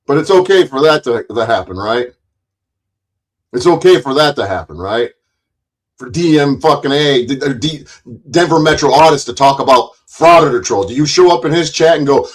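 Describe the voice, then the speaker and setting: Man, angry rant, heavy swearing, blunt, repeats himself, mid pitch. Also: lively intonation, normal speed. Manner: repeats himself, frequent restarts. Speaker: streamer. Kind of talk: angry ranting monologue.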